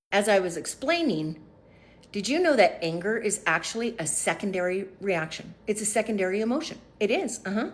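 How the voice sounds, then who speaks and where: Gently preaching woman, slightly low voice. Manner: warm, affectionate, slips into soft whispers; uses casual slang. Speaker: faith vlogger. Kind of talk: casual faith talk to camera.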